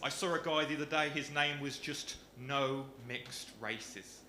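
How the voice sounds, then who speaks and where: A young man with a Birmingham accent doing a stand-up comedy set, delivering dry, deadpan punchlines on a comedy club stage. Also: fairly high pitch, a little slow. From Birmingham area, England. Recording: echoey club with audience noise.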